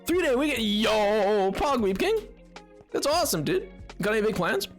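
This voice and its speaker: A man's voice: high voice, very animated, moderate pace, soft background music. A man live streaming while gaming, chatting with viewers in a put-on 1920s radio announcer accent, playful and laughing often.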